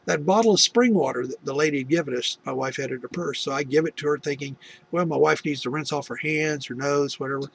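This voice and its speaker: A man's voice: on the high side, quick pace, creaky, slight background noise. A middle-aged man from the United States telling a personal faith testimony, rambling with many restarts and asides. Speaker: video testimony host.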